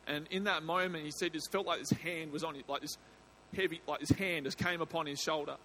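A man, a pastor, speaking to his congregation in an energetic, joking way with loose, filler-heavy phrasing at a church service. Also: a little high, brisk, slight background noise. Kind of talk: sermon, addressing a congregation.

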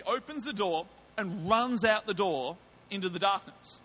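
A man with an Australian accent preaching a sermon, telling a personal testimony in a lively way and acting out his own thoughts and lines. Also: sits high, a little slow, slightly rough.

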